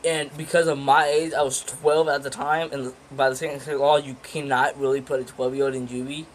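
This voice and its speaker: A man's voice: medium pitch, little pitch movement, brisk, a little hiss or hum, poor audio. A teenage guy casually telling a story in a rambling, profane way, full of fillers and restarts. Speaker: vlogger.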